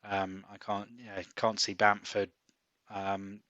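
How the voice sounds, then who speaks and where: A man co-hosting a podcast in casual chat, pausing often with ums and restarts. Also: fairly low pitch, completely flat delivery, pushed and bright, no echo, highs cut off. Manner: hesitant, many ums and restarts. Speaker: podcast co-host. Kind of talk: casual chat about fantasy football.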